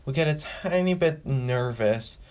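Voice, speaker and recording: A man's voice: medium pitch, animated, a little slow, a little mellow, slight background noise. Rambling male fan explainer. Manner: rambling, restarts and repeats phrases; acts out quoted lines with a raised voice. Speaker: fan video host. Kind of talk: casual fan explainer monologue.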